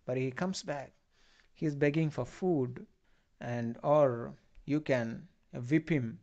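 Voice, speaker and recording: A man lecturer, retelling a play for a class in loose, halting phrasing with many fillers. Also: mid-range voice, a little mellow, highs cut off. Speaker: literature lecturer.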